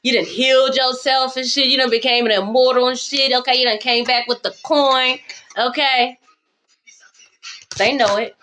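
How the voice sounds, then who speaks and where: Brash, profane high-voiced woman tarot reader. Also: fairly even intonation, moderate pace, pushed and bright. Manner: brash, profane, sings along and shifts pitch playfully. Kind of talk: casual tarot reading monologue.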